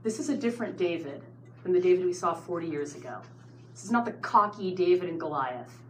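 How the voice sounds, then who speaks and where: Speaking fairly quickly in a lowish voice, a woman leads a Bible study class and narrates the story with spirited asides to her students. Faint noise can be heard in the roomy space.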